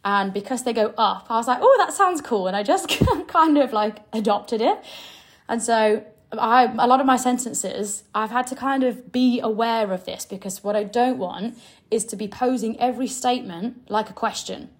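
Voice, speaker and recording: A young woman speaks in a somewhat high voice, giving direct, no-nonsense coaching. She is emphatic and instructive. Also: normal speed. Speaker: sales coach. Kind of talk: direct coaching talk to camera.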